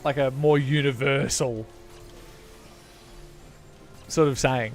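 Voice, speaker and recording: A man's voice: medium pitch, fairly even intonation, takes it slowly, soft background music. Chatty Australian man streaming a game. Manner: rambling, self-correcting, chatty with viewers. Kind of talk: casual gaming chat.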